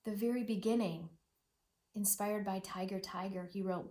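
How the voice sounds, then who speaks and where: A middle-aged woman teacher leads a read-aloud lesson for children in a voice of ordinary pitch. She speaks expressively and echoes words in rhythmic repetition. At sad passages she sinks to a hushed near-whisper. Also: steady tone, moderate pace. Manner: repeats words rhythmically, echoing the poems.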